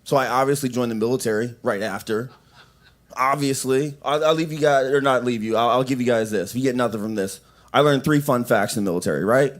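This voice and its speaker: A man's voice: medium pitch, a little fast. A young man doing open mic stand-up in a coffee shop, rambling with lots of restarts and fillers. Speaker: stand-up comedian.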